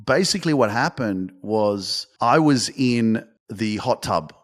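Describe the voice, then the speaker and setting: An Australian man in his thirties hosting a motivational podcast, telling stories in a casual, animated way, swearing often and restarting his sentences. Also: fairly low pitch, a little slow, few pauses. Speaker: podcast host and coach.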